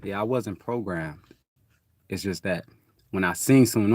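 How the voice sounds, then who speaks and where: Profane, rambling man, lowish voice. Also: measured pace, heavy background noise. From Detroit, USA. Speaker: host. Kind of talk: casual spiritual monologue.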